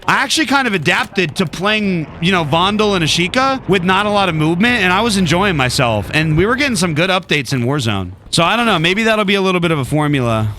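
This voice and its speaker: Gaming host, male, high and animated voice, excitable commentary with cocky trash talk. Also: noisy background. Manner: playful trash talk to opponents; rambling, excitable. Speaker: gaming YouTuber. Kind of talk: live gameplay commentary.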